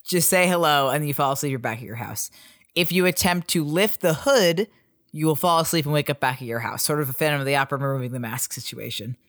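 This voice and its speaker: Guy on a comedy podcast reading ritual rules out loud, dry little jokes, laughs a lot. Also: fairly high pitch, fast, dry recording. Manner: reads ritual steps aloud with wry asides and frequent laughs. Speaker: podcast co-host. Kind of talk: casual comedic podcast chat.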